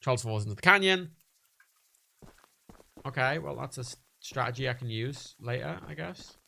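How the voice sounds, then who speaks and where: A man's voice: mid-range voice, expressive, normal speed, gravelly, bright, forceful tone, a little hiss or hum. A man chatting casually and jokily while he plays through a video game on a livestream. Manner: chatty, sweary, jokey. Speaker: gaming livestreamer.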